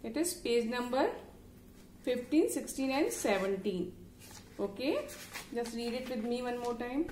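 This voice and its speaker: A woman's voice: fairly high pitch, lively intonation, measured pace, long pauses, a little mellow. A woman with an Indian English accent teaching phonics to young children, patiently spelling out words letter by letter. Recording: echoey room, faint background noise.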